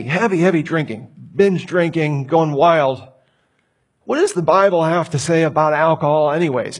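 Husky guy preaching in church, bit high pitched, chatty and emphatic. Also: darkish tone. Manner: emphatic, conversational preaching with rhetorical questions. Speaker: pastor. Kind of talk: sermon. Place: church sanctuary.

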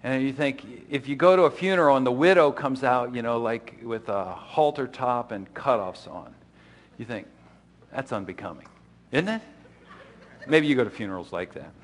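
A man's voice: mid-range voice, lively intonation, normal speed. A middle-aged man preaching a sermon as pastor, in a loose conversational way with frequent restarts and asides.

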